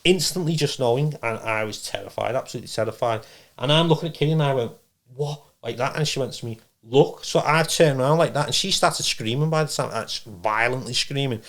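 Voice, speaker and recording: A man tells a story in a quick, rambling way. He trips over his words and swears freely as he talks. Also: medium pitch, fairly bright tone. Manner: rambling, fast, swearing, many restarts. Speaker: podcast guest, medium. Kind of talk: casual storytelling.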